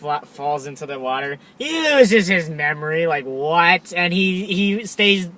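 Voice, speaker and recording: A man's voice: fairly high pitch, unhurried, sharp tone. A young man co-hosting a casual film review chat, chiming in with short remarks and many "you know"s. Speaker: podcast co-host.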